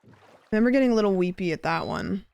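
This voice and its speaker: A woman's voice: mid-range voice, fast talker, darkish tone, clear, resonant tone. A young woman streaming a game, chatting with viewers in a rambling, casual way. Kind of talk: casual gameplay chat.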